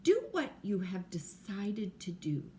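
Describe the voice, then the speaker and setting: A woman doing a calm patient mother. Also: medium pitch, takes it slowly, a little hiss or hum. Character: calm patient mother advising her daughter.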